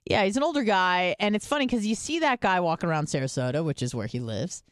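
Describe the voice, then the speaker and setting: A woman's voice: fairly low pitch, expressive, fast, dry recording, studio quality. Chatty, swearing woman podcast host. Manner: chatty storytelling, swears freely. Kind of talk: casual chat.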